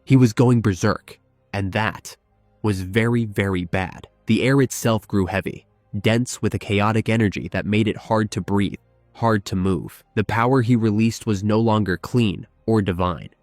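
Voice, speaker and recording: A man narrating a dramatic fan-made story, slow and emphatic with weighty pauses. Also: on the low side, no echo. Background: faint background music.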